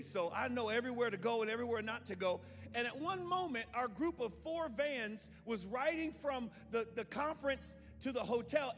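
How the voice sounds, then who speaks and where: A man preaching a sermon, telling a story and acting out the voices in it, swinging from hushed tones to shouts. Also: extremely high pitch. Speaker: pastor. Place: church sanctuary. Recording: long hall reverb with faint music.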